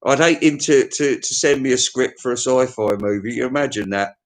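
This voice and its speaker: A man's voice: mid-range voice, fairly quick. Man, casual review monologue, blunt and sweary, stammering restarts, mid-range voice. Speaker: album reviewer.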